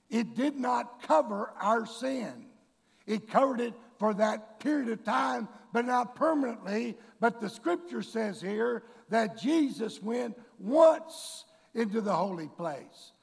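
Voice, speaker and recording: A man preaching a sermon to his congregation, bursting into shouted, drawn-out emphasis and calling them folks and church. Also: sits high, animated, creaky, breathy edge. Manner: addresses the congregation directly. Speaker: pastor. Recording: long reverb of a large hall.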